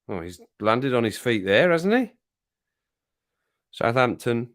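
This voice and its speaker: Speaking unhurriedly with long pauses, a middle-aged host from Birmingham, England, chats casually with his live chat in a jokey, rambling manner, chuckling often. His smooth mid-range voice has lively intonation.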